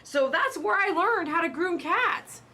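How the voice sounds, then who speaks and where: Bright-voiced woman hosting a live stream. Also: extremely high pitch, expressive, unhurried. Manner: emphatic, repeats warnings, chatty asides. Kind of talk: casual live-stream commentary.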